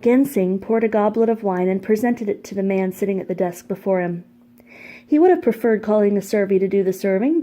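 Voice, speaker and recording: A woman narrating a fantasy novel chapter in a measured, even storybook reading. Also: mid-range voice. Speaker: audiobook narrator. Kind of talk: scripted narration.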